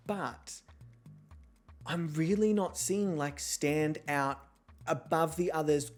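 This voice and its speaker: A woman's voice: on the low side, a little mellow. Chatty joking woman host. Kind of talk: live-stream reality show hosting.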